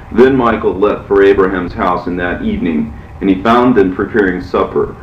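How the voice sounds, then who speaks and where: A man reading an ancient religious story slowly and solemnly. His lowish voice sits far from the mic in a reverberant room. The sound is a bit dull, with faint ambience behind it. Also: a little hiss or hum. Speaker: narrator. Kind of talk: scripture reading. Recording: echoey, muffled, from far off.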